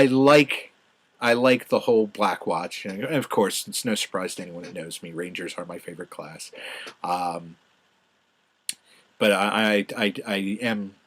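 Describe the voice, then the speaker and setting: A middle-aged man giving a casual, rambling solo review, full of fillers and restarts, with sudden excited bursts. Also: lowish voice. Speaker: podcast host reviewing a TV show.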